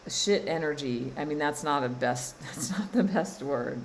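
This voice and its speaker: A woman's voice: low voice, measured pace, slight background noise, poor audio. A woman coaching her listeners on a live stream, speaking in an emphatic way, repeating phrases and often laughing. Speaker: spiritual coach and card reader. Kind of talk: live-streamed spiritual guidance.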